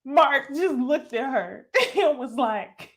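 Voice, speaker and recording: A young woman talks through a reality dating show as if chatting with friends. She sits a touch above the usual pitch, laughs easily and is blunt and profane. She keeps tossing "okay?" and "y'all" at her viewers. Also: lively intonation, slow pace, fairly bright tone, slight background noise. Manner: addresses viewers directly as "y'all". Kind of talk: casual reaction commentary.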